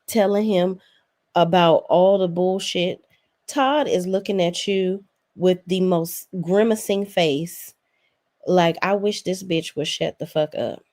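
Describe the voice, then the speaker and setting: A woman's voice: lowish voice, slow pace, a little mellow. A woman giving a casual, blunt recap of a reality show, talking sassily and with plenty of profanity, as if speaking straight to the cast. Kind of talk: casual opinionated recap commentary.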